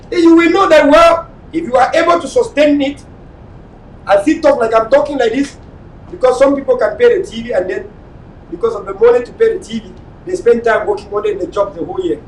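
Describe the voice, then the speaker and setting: An impassioned Cameroonian man with a high voice holds forth on his late-night live talk show. He repeats himself for emphasis and sometimes breaks into shouting. He is recorded from some distance in an echoey room over a faint rumble. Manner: impassioned and repetitive, at times shouting. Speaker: online TV talk show host.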